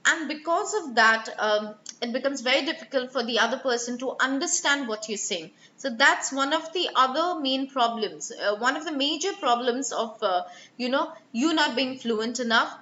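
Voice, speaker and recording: A woman's voice: sits high, normal speed, sharp tone, slight background noise. A woman teaching a live online IELTS speaking lesson, explaining stress and sounds and demonstrating example words. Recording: echoey room, slightly dull sound.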